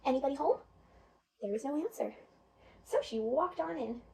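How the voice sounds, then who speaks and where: A woman teacher telling a children's story in an animated way, asking the children questions. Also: high-pitched, moderate pace, creaky, recorded from a distance, slight background noise, low-quality recording.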